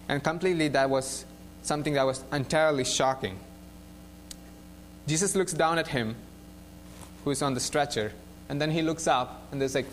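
A young man preaches in a relaxed, conversational way, retelling a Bible story with lots of "like" and "right?" tossed in. His voice sits a little high for a man. A faint hum runs underneath. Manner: animated storytelling with frequent "like" and "right?".

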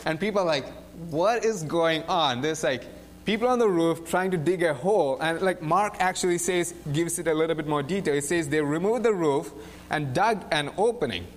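A young man preaching in a casual, animated storytelling way, often saying "like" and "right?". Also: a little high, moderate pace. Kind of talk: casual sermon retelling a Bible story.

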